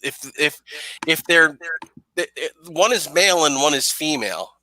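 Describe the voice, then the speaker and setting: A man's voice: on the high side, lively intonation, moderate pace, a crowd in the background, poor audio. A man running a tabletop game as game master, narrating with many hesitations. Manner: hesitant, full of ums.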